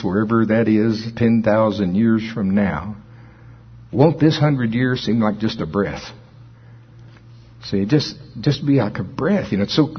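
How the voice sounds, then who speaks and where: In his sixties, this man preaches a sermon in a folksy, storytelling way, chuckling at his own jokes. His voice is medium-pitched and slightly rough, captured on a dull lo-fi recording.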